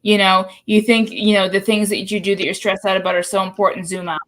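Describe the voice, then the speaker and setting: A woman's voice: medium pitch, level tone, fast talker, rough recording. A woman from the Boston area with a faint Boston accent, hosting a casual podcast chat and pulling tarot cards, blunt and swearing freely. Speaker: podcast host and tarot reader.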